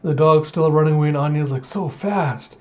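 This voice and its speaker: A man's voice: on the high side, flat delivery, racing, dark tone. Chuckling young man, muffled audio. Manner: chuckling, many fillers. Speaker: reaction video host. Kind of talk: casual chat.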